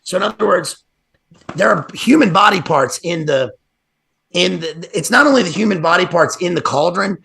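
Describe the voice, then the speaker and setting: A man's voice: high-pitched, animated, moderate pace, creaky, sharp tone. A man talking as a guest on a livestream, analyzing literature in a rambling way, full of fillers and restarts. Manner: digressive, many fillers and restarts. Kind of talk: casual livestream discussion.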